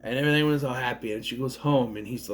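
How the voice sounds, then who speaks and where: A man casually retelling and reviewing a movie in a rambling, animated way with lots of fillers. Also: medium pitch, quick pace, heavy background noise. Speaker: video reviewer.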